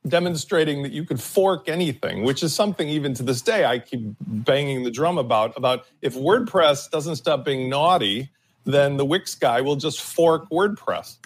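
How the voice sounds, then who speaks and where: Panel co-host, male, slightly high husky voice, forceful and opinionated. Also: lively intonation, normal speed. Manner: opinionated, emphatic, drags out key words. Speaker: podcast co-host. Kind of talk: casual panel discussion.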